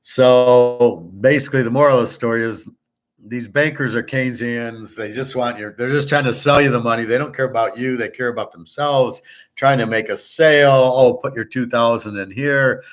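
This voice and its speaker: A man talks in a loose, rambling monologue, blunt and boastful. He swears freely and acts out both sides of the conversations he retells. His voice sits at an ordinary middle pitch for a man. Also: steady tone, moderate pace. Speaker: host of a sports picks show.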